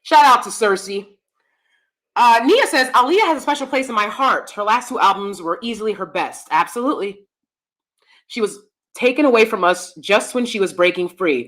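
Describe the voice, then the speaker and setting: A woman hosting a casual livestream, loud and animated, talking straight to her viewers. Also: on the high side, normal speed. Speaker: YouTube commentary host.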